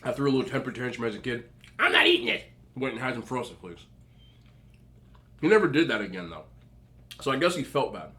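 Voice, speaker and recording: This young man, a mukbang vlogger, chats through stories over a meal, often with his mouth full. He speaks in an expressive mid-range voice, a little fast, with long pauses in between.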